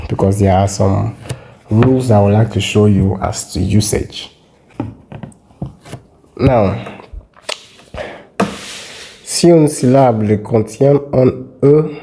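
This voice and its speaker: A man teaching a French lesson, repeating words slowly and carefully so they can be copied. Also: fairly low pitch, warm tone, slightly rough. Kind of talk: slow explanatory lesson.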